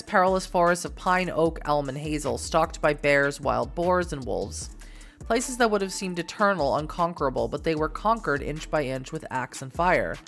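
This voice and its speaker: A woman reads an interactive novel aloud in a fairly low, expressive voice that rises and dips a lot. She drops in casual asides as she plays, and faint music runs underneath. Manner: expressive reading, laughs at her own slips. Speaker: game player reading aloud.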